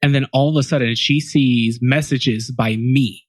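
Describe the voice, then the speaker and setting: A man's voice: mid-range voice, moderate pace, no room sound, studio quality. A young man telling a story as a guest on a podcast, acting out his relatives' lines with lots of "like" and "you know.". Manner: animated storyteller, acts out quoted relatives.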